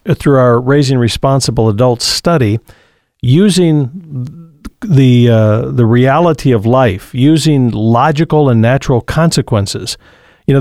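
A man's voice: mid-range voice, a little mellow, no room sound, clean studio sound. A man hosting a call-in radio program, giving earnest parenting advice and reading listener comments. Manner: earnest, advising, preacher-like. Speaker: radio show host.

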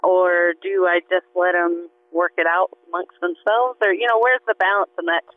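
A woman's voice: on the low side, steady tone, normal speed, dry recording. Woman asking over a tinny phone line. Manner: earnest, searching, trailing off with fillers. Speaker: caller. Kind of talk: phone-in question.

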